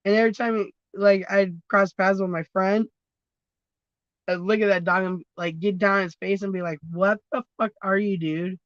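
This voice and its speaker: A woman's voice: medium pitch, steady tone, moderate pace, dry recording, highs cut off. A woman chatting casually on a phone livestream, rambling between topics, swearing freely and laughing often. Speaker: livestream host.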